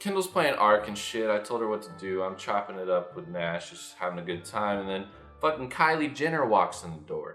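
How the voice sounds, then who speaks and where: Casting: young guy, swearing storyteller, wildly lively pitch, echoey room with faint music. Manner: animated, profane, jumps into loud high-pitched impressions. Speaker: YouTuber telling a story. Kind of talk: casual storytime vlog.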